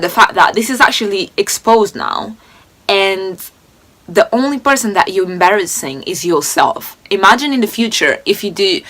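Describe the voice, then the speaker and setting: A young woman in her twenties talks through a reaction video in a loose, casual way. She sounds indignant and animated, circling back and restarting her sentences. Her voice sits at an ordinary middle pitch for a woman. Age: 20s.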